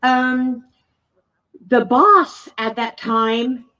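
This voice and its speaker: A woman speaks slowly and haltingly, her voice sitting fairly high and full of emotion as she gives public testimony. She is picked up from some distance from the microphone, so she sounds set back in the room. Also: pushed and bright. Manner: emotional, halting, with frequent pauses. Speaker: resident speaking at a public meeting.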